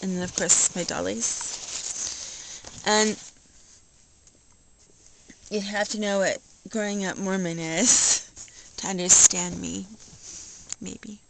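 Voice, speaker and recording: An older woman talking casually in a rambling, nostalgic way, laughing softly now and then. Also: mid-range voice, fairly even intonation, slow, creaky, pauses often, noisy background. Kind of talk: casual home video vlog.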